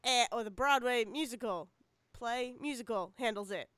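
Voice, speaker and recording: A woman's voice: on the high side, moderate pace, a bit bright, dry recording. A woman co-hosting a podcast, chatting casually with lots of fillers and laughter. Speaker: podcast co-host. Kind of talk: casual chat.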